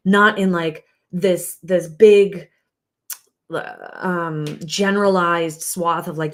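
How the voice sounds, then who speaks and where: A woman's voice: fairly low pitch, steady tone, unhurried. A woman relationship coach teaching in an earnest, loose way, with many fillers and restarts. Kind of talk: casual teaching talk.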